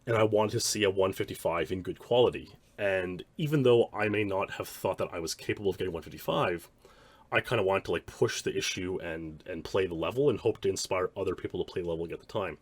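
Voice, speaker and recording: A man's voice: deep voice, fast talker, breathy edge. A man, a speedrunner, giving rambling, reflective commentary on his own old streams. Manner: rambling, many restarts and "like" fillers.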